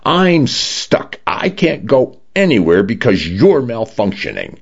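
An indignant woman shut out of her home, played by a man. She shouts raised and husky, demanding and furious. The sound is muffled, like an old radio. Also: mid-range voice, very animated, slow pace, voice pushed up, exaggerated voice.

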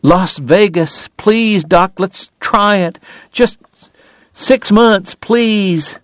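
A man voicing a grieving young woman who begs through tears, her voice raised high and breaking. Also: takes it slowly, clean tone, no room sound, natural voice. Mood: begging. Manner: begging, breaking voice.

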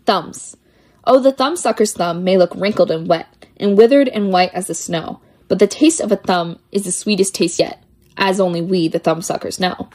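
A woman's voice: medium pitch, moderate pace, a little mellow. A woman reading children's poems aloud with a lilting, playful sing-song delivery. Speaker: poetry reader.

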